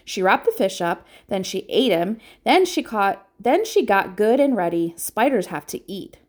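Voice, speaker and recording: A woman reading aloud and voicing an imaginative young farm girl who talks in an excited, insistent way. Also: mid-range voice, normal speed.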